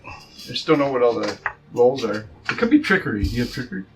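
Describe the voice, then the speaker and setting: A man running a tabletop game as game master, relaxed and joking with his players. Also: mid-range voice, fast talker, faint music behind. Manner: relaxed, joking, laughs often.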